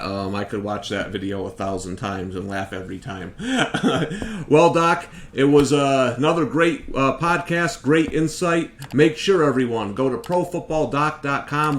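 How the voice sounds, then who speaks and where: A man's voice: medium pitch, normal speed. Upbeat guy hosting a sports pod, laughs a lot, roomy echo and a bit of hiss. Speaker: podcast host. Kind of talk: casual podcast chat. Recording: echoey room with faint noise.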